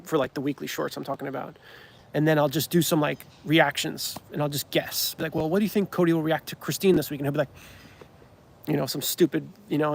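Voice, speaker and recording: A man's voice: a little high, vocal fry. A man, a comedy creator, chatting casually on a livestream, rambling with many restarts and ums. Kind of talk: livestream chat.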